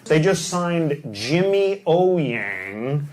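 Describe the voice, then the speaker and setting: A male stand-up comedian telling jokes with quick, matter-of-fact delivery. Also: on the high side, sing-song. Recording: noisy live recording.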